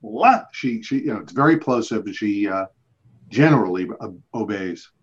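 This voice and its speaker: A man's voice: fairly low pitch, animated, moderate pace, husky, highs cut off. A man hosting a trivia match, chatting playfully with team captains over a video call. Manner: chatty, playful, sings snatches. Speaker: trivia show host.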